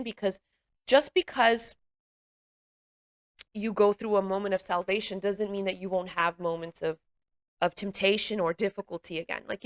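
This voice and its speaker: A woman telling a personal testimony in an earnest, halting way, with fillers and restarts, growing emotional as she recounts it. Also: mid-range voice, a bit bright. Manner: grows emotional while recounting. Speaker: speaker giving a testimony.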